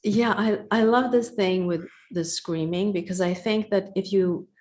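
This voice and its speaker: A woman's voice: medium pitch, unhurried, a little mellow. A woman host with a Swedish accent, an attentive listener who murmurs frequent agreement during an interview. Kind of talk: interview conversation.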